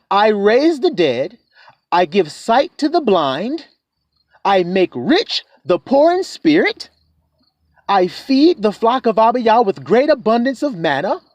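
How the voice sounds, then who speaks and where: A man preaching in a lively voice that swings up and down as he talks. He reads scripture slowly and stops again and again to ask his flock whether they follow. The recording is dry and close. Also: very high-pitched, no echo. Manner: preachy, keeps asking "see?", slows to a drawl on verses. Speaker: self-styled preacher. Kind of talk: sermon reading scripture with commentary.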